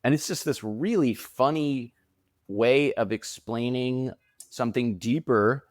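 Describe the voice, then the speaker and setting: A man's voice: medium pitch, unhurried, no room sound, studio quality. A man who designs prosthetic makeup, chatting casually in an interview and telling stories with acted-out quotes. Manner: animated storyteller, acts out quotes.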